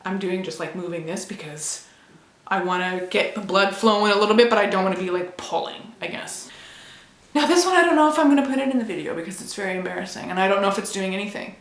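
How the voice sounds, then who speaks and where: Young woman, candid casual vlog chat, playful sound effects, mid pitch, echoey home room. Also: fast. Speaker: vlogger.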